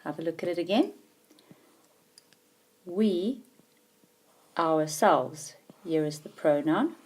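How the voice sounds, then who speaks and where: Low-voiced woman teaching grammar. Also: big pitch swings, fast talker, warm tone. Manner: patient, emphatic, checks understanding with questions. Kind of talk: grammar lesson.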